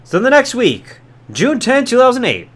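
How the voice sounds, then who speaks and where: A man hosts a podcast and tells a story in a chatty, casual way, full of quick asides. His voice sits high and swings in a wide, animated range. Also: slightly rough. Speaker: podcast host. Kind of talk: casual recap of old wrestling storylines.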